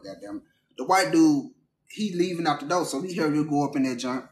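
High-voiced man telling a wild story. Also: fairly quick, echoey room. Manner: animated, profane, acts out the people he quotes. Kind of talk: casual storytelling.

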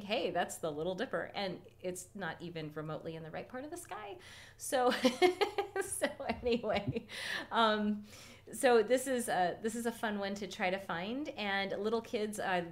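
A woman from California hosting an astronomy livestream outdoors at night, chatty and quick to laugh. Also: mid-range voice. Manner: chatty, laughs often, lively storytelling. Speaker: astronomy club host. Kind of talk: casual livestream stargazing talk.

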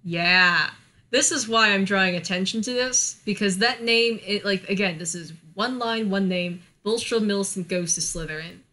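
A woman's voice: medium pitch, moderate pace, bright, forceful tone. An American woman co-hosting a podcast, talking in a chatty way, with many fillers, and laughing often. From United States. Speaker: podcast co-host. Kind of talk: casual chat.

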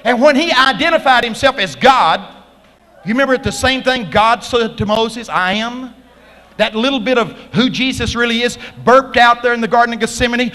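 Man, revival preacher, high bright voice, shouts for effect, reverberant church hall. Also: brisk. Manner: animated storytelling, bursts into shouting. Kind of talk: revival sermon. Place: large packed church hall.

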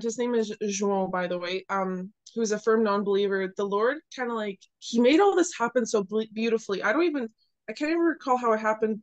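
Lively young woman telling a faith story. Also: fairly high pitch. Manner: animated, laughs often, acts out quoted people. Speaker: guest sharing a testimony. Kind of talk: casual storytelling.

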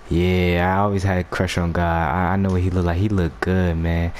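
A young man giving goofy, slang-filled commentary while playing a game, swinging between loud outbursts and low mumbles. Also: flat delivery, moderate pace, hardly any pauses, slight background noise. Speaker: gameplay streamer. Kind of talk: comedic gameplay commentary.

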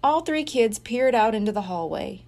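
A woman reading a children's mystery book aloud, slowly and expressively. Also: on the high side, animated, a little mellow. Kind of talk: read-aloud storybook narration.

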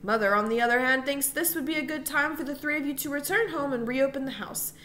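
Brief: woman voicing a stern, tired father in a storybook, grave and measured, a bit high. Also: pushed and bright, slight background noise. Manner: measured, grave, slightly sad. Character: stern yet weary father, a commandant.

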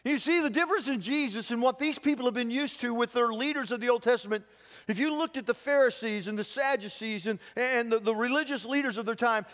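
A man's voice: very high voice, a bit bright. A man preaching a sermon as pastor, telling the story with animation and acting out the voices of people he quotes. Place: church sanctuary. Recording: long church hall reverb.

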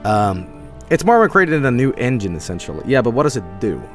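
A tired man streams a game, rambling casually and reading the game's text aloud over background game music. His mid-range voice swings widely in pitch, and he talks at a quick pace.

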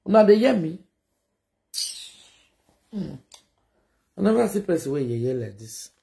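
A woman with a Nigerian Pidgin accent runs a gossip reaction show and talks straight at her viewers. Her voice swings widely in pitch, and she moves between mocking asides and loud, scolding outbursts. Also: big pitch swings, measured pace, gravelly. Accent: Nigerian Pidgin English. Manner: scolding, mocking, with sudden shouts. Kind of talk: animated reaction commentary.

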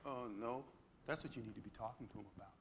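A man preaching a sermon to his church in an animated way, with sudden loud exclamations and asides to the congregation. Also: fairly low pitch, very fast, background noise. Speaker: pastor. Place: church sanctuary.

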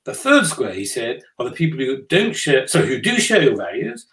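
A man's voice: medium pitch, wildly swooping pitch, normal speed, a bit bright, low-quality recording. Older man telling a business anecdote. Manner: anecdotal, dry self-deprecating humor, frequent restarts. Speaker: business leader guest. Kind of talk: conversational interview storytelling.

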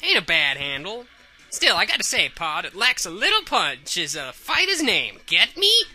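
A woman voicing a folksy, loud older male fight promoter in a video game, hollering country slang. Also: mid-range voice, huge pitch swings, moderate pace, soft background music, exaggerated voice. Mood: blustery.

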